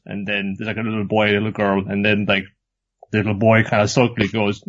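A man's voice: on the low side, little pitch movement, quick pace, a bit bright. A man co-hosting a casual anime review chat, rambling through plot recaps. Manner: rambling recap full of acted voices. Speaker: podcast co-host. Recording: dull lo-fi recording.

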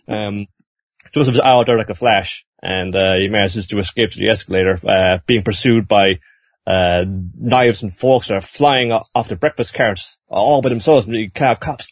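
A man casually recapping a story in a rambling, animated way, doing quick voices as he goes. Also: fairly low pitch, dry recording. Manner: rambling, animated, with frequent fillers and restarts.

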